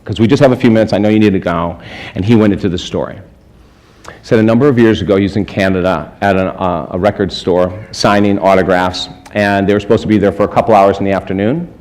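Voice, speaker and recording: A man giving a storytelling sermon as a spiritual speaker, animated, chuckling often and acting out the people in his stories. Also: low voice, fast talker, poor audio. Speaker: spiritual speaker and life coach. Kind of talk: storytelling sermon to a live audience.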